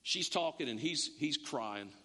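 A man's voice: fairly high pitch, measured pace, husky, long reverb tail. A male pastor preaching a conversational sermon, acting out little dialogues and asking the congregation questions. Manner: animated, conversational, acts out dialogues.

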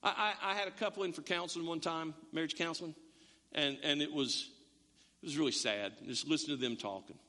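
A man's voice: fairly high pitch, brisk, big-room sound. A male pastor preaching a conversational sermon, acting out little dialogues and asking the congregation questions. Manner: animated, conversational, acts out dialogues.

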